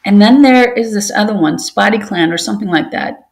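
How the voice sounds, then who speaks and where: A woman's voice: mid-range voice, brisk, creaky, darkish tone, voice pushed up, lightly acted. A woman voicing a friendly young male cat who chats and explains things casually in a storybook reading. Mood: easy chatty.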